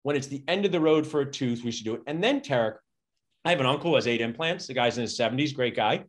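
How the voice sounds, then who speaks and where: A middle-aged man, a dentist, telling stories energetically and acting out quotes in a conversational interview. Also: fast talker. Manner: energetic, acts out quotes with big pitch jumps. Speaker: dentist and podcast guest. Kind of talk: animated storytelling conversation.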